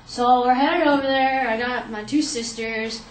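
Young woman telling a story, kinda high voice, echoey room w/ faint background hum. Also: a little slow, distant mic. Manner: lively, animated retelling with quoted asides. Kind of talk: personal storytelling.

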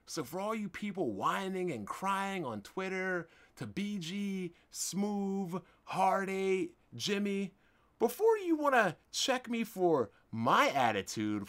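A man hosting a podcast, delivering a confrontational, indignant monologue with emphatic swings in loudness. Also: sits high. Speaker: podcast host. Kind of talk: ranting monologue.

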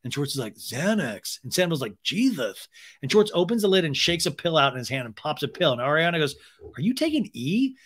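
A young adult man with a slightly high voice talks very fast, with few pauses, hosting a comedy podcast. He animatedly recaps reality TV, wandering into asides and acting out quotes in funny voices.

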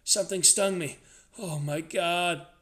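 A man voicing a panicked young man in shrill terror. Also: unhurried. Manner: high-pitched, shouting, whimpering terror.

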